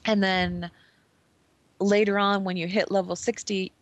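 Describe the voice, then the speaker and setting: A woman co-hosting a casual gaming chat, telling stories in an animated way and acting out the scenes. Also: medium pitch, unhurried, dry recording. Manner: animated storyteller who acts out scenes.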